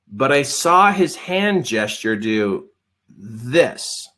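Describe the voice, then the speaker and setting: Lively man telling a story. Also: fairly high pitch, takes it slowly. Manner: animated, self-deprecating, acts out dialogue. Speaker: coach and webinar trainer. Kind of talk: storytelling in a live webinar.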